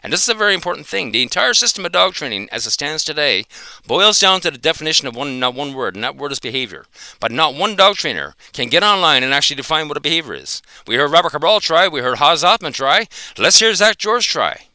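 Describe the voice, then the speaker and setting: A man's voice: on the high side, sing-song, fast talker, sharp tone, clear, resonant tone, dry recording, clean studio sound. A man giving an angry, profane reaction commentary, confronting another dog trainer.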